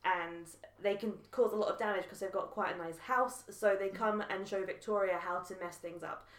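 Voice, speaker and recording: A woman co-hosts a podcast in an echoey room, chatting casually and animatedly and laughing often. Her mid-range voice is a bit bright, with fairly even intonation and a moderate pace.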